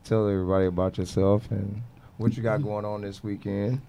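A man's voice: on the low side, level tone, a little fast, vocal fry, dark tone, slight background noise. A man co-hosting a casual talk show, laid-back, joking and profane. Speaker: co-host. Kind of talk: casual chat.

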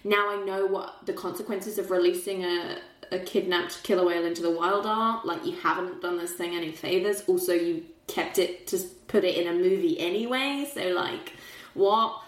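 A woman's voice: fairly low pitch, fairly even intonation, normal speed. A young adult woman in casual film chat, telling the story with big emotional swings and laughs. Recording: roomy echo.

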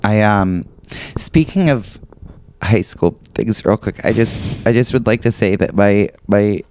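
A man from the Pittsburgh area hosting a casual comedy podcast, cracking quick jokes and steering the segments. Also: fairly low pitch, darkish tone, slight background noise. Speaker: podcast host.

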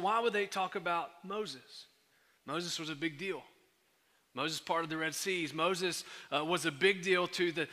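A pastor delivering a sermon in a conversational way, full of fillers and restarts. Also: male voice, high-pitched, sharp tone, in a large hall.

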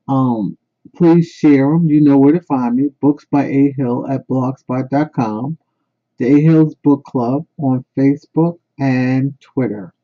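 A man chatting as a book blogger in a casual book and movie review, emphatic and repeating phrases for stress. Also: fairly high pitch. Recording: tinny phone-like sound.

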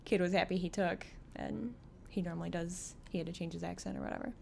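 A woman's voice: lowish voice, steady tone, quick pace, creaky, a little mellow, a little hiss or hum. A woman co-hosting a podcast, chatting casually in an easygoing way and giggling often. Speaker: podcast co-host. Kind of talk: casual chat.

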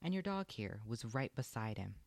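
A man voicing a fussy, shrill older aunt in a storybook, scolding and fretful. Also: very animated, moderate pace, gravelly, no room sound. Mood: alarmed.

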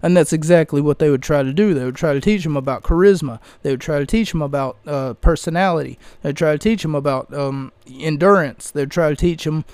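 A man's voice: a little high, a little fast, few pauses, a little mellow, smooth, dry recording. A man hosting a podcast, talking casually and rambling with lots of fillers into a close microphone. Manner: rambling, chatty, frequent fillers. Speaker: podcast host. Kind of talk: casual solo commentary.

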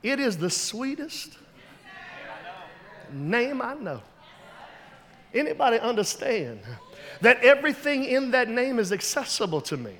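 Man, pastor, very high voice, sermon, storytelling, loud emphatic peaks. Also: sing-song, unhurried, pauses often, long reverb tail. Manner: storytelling preacher, builds to loud emphatic shouts.

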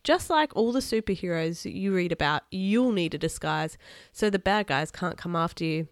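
A woman reading a storybook aloud, voicing a practical grandmother inventor in a brisk, matter-of-fact way. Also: on the low side, expressive, no echo, studio quality, lightly acted.

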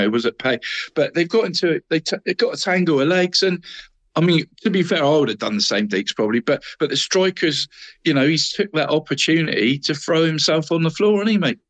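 A man's voice: on the high side, a bit bright. Rambling chatty man saying mate. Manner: rambling, says "mate" constantly. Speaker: co-host. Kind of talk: casual football chat.

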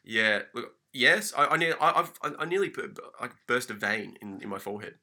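A man co-hosting a casual podcast, telling a story in an animated, sweary, mock-furious rant. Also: medium pitch, fairly quick. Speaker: podcast co-host.

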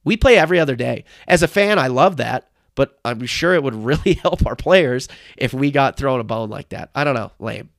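A young man hosting a solo sports podcast, recapping a game in emphatic, excitable fan talk into a close mic. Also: mid-range voice, brisk, gravelly, dry recording. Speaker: podcast host.

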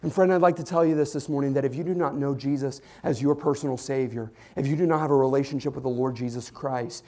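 A young man preaching a sermon as a pastor, telling a story in an animated way with many restarts and fillers. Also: medium pitch, quick pace. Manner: animated storytelling, rising to excited shouts.

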